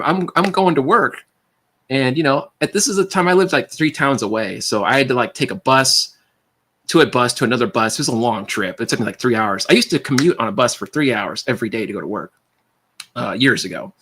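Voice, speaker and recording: A man hosting a livestream, telling stories casually, animated and acting out voices, often stammering and repeating words. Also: mid-range voice, breathy edge. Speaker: livestream host.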